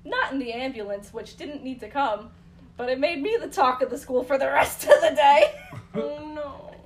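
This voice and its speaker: A young woman co-hosting a casual podcast, chatty and quick to laugh. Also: high-pitched, expressive, rough recording. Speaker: podcast co-host.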